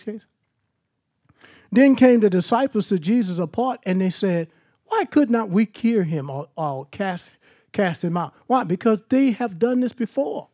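A man's voice: sits high, warm tone. A man preaching a sermon at an evening church service, moving between scripture and personal stories in an emphatic, conversational way.

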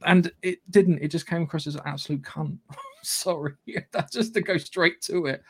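A man's voice: fairly high pitch, normal speed, husky. Blunt, sweary podcast co-host, a man. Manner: blunt, sweary, rambling with restarts. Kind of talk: casual chat.

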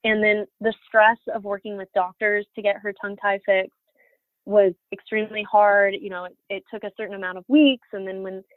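A woman's voice: medium pitch, fairly even intonation, a little fast, dry recording. A woman in her thirties telling her personal story as an interview guest, candid, with many fillers and restarts. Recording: dry, phone-like audio.

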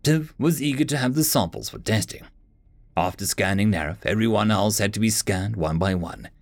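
Man, audiobook narration, gravelly, lively pitch, dry close sound. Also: moderate pace, dry recording.

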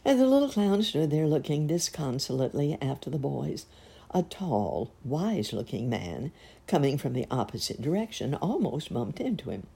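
A woman reading a storybook aloud in a gentle, measured way. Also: low voice, big pitch swings, gravelly, slightly rough. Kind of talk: storybook narration.

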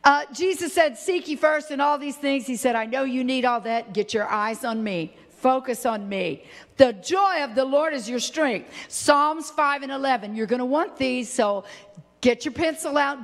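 High-voiced preaching woman in a reverberant hall. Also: moderate pace. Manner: animated, folksy preaching with sudden high exclamations. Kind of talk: sermon.

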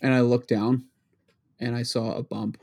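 A man's voice: mid-range voice, level tone, a little slow, creaky, darkish tone. A man in his thirties from New England, co-hosting a casual chat, rambling and giggling with stammering restarts. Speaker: podcast co-host, father.

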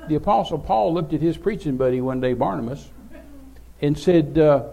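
An older man tells a long, rambling story from the pulpit, chuckling as he goes. His voice sits a little high for a man, with a gravelly edge and a dark, mellow tone. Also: normal speed, lo-fi sound. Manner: folksy, rambling, laughing storyteller. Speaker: preacher. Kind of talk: sermon storytelling.

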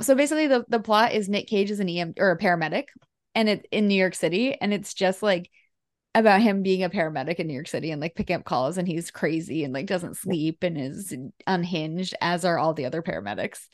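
On a laid-back movie podcast, a female co-host rambles along, laughing a lot and filling her talk with fillers and restarts. Her voice is fairly low and a bit quick, recorded in studio quality with no room sound.

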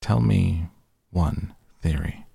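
A man voicing a mysterious, teasing, guarded teenage boy in a low, unhurried tone. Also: creaky, warm tone, slightly rough, dry recording, heavily acted.

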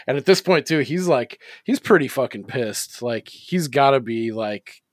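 A male podcast co-host rambles through a casual film chat, swearing freely and leaning on fillers. His voice sits at a middle pitch. The sound is dry and close to the mic. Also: expressive, a little slow, dry recording. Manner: rambling, profane, many fillers.

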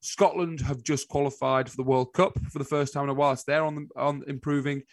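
A man co-hosting a casual chat show, telling stories in an animated, exasperated way. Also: medium pitch, fast talker, dry recording. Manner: animated storytelling, exasperated asides. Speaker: podcast co-host.

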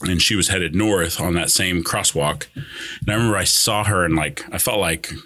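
Deep-voiced man rambling through a story. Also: normal speed, bright, forceful tone. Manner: rambling, many "like" fillers and restarts. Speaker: guest. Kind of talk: casual storytelling chat.

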